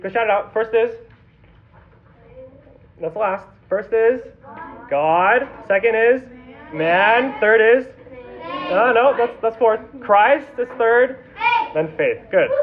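A man's voice: high-pitched, husky. A man preaching to sixth graders with dramatic storytelling and emphatic repetition. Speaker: youth pastor. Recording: tinny phone-like sound.

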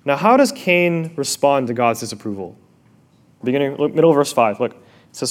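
A male pastor preaching a sermon, expressive, dropping to a hush and rising again, asking the listeners questions directly. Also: on the high side, fairly quick. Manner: expressive, swings from loud to hushed.

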